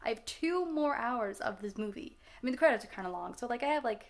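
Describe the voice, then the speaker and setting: In an animated, fast-talking delivery with a slightly high voice, a woman in her twenties reacts to the movies she just watched for her vlog. The chat is casual and rambling, with plenty of laughter and sentences begun again.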